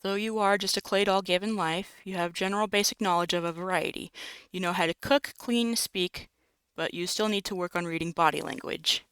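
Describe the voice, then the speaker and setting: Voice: medium pitch, fairly even intonation, fairly quick, fairly bright tone, smooth, no echo, low-quality recording. A host reading a text-based game aloud, breaking in with wry jokes and asides. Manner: wry, jokey, self-interrupting. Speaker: narrator and let's-play host.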